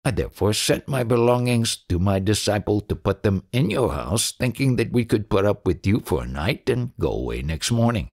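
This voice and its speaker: A man's voice: fairly low pitch, sing-song, moderate pace, few pauses, darkish tone. A man voicing a scheming wandering holy man in an audiobook, bossy and cunning. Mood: pleading. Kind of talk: audiobook reading.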